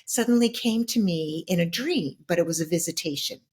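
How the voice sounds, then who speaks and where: A middle-aged woman with a slightly low voice recounts her own experiences as an interview guest. She speaks reflectively, halting and restarting with frequent fillers as she searches for words. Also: a little mellow, husky. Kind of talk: personal storytelling in an interview.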